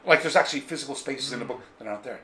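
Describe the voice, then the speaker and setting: In an echoey room of his home with faint ambience, a karate author talks rapid-fire in a mid-range voice while being interviewed. His long, casual anecdote is highly animated and digressive, and he mimics the people in it.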